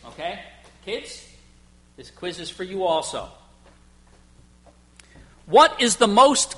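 A man's voice: a little high, sharp tone, husky. A man preaching a sermon to his congregation in an emphatic, conversational way, asking rhetorical questions. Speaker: pastor.

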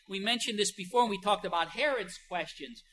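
Bright-voiced man preaching emphatically. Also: high-pitched, fairly quick, rough recording. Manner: emphatic, rhetorical questions, frequent "you know" fillers; swings between soft and loud emphasis. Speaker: pastor. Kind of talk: sermon.

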